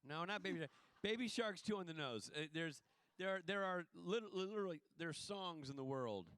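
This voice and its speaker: A man's voice: high voice, fairly quick, smooth, dry recording. Jokey Southern-born man on a panel. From American South. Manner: animated storyteller, jokey, acts out voices. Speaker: panel guest and TV director. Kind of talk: casual convention panel Q&A. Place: convention hall stage.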